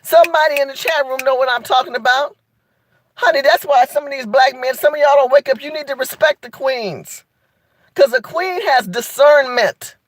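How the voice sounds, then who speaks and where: A woman's voice: high voice, moderate pace, no echo. A woman hosting a live video, talking straight to her viewers in a sassy, emphatic way. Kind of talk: animated live-stream commentary.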